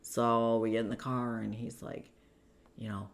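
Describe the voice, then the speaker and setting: A woman's voice: extremely low pitch, sing-song, a little slow, darkish tone. A woman telling her own story in an interview, in a conversational way, acting out what others said.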